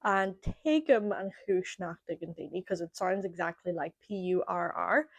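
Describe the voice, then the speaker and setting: A woman's voice: on the low side, moderate pace, dry recording. An Irish woman hosting a podcast, chatting casually and demonstrating how she pronounces words. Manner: chatty, demonstrating word pronunciations. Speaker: podcast host. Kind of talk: casual chat.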